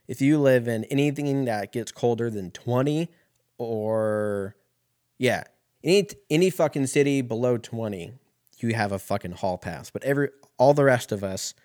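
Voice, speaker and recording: A man's voice: mid-range voice, unhurried, a little mellow. Guy going off on a sweary rambling rant, casual podcast vibe, pretty fired up. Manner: profane, rambling, heated.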